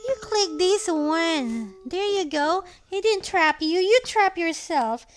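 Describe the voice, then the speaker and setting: A woman in her thirties playing a video game with her child, giving animated, exclamation-filled commentary. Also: very high voice, takes it slowly. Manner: animated, frequently exclaiming and calling for help. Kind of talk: excited gameplay commentary.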